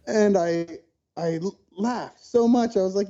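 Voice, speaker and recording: Dark-voiced man telling stories animatedly. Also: sits high, takes it slowly, long pauses, muffled recording. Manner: animated storyteller, acts out quotes. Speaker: podcast guest. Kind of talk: casual storytelling interview.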